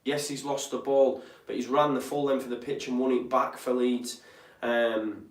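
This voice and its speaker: A man's voice: mid-range voice, little pitch movement, moderate pace. A young man hosts a live football watch-along, chatty and tired, with plenty of ums. His voice is recorded in a roomy, echoey space. He sits away from the microphone, so he sounds distant. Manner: chatty, reads out viewer comments, frequent ums and apologies. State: tired, yawning. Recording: roomy echo, speaker off-mic.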